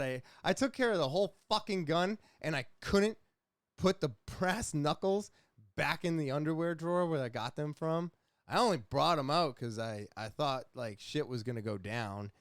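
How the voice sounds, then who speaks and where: A young adult man hosting a podcast, casually telling a rambling, profane story with animated retellings. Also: on the high side, moderate pace, smooth, dry recording, clean studio sound. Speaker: podcast host.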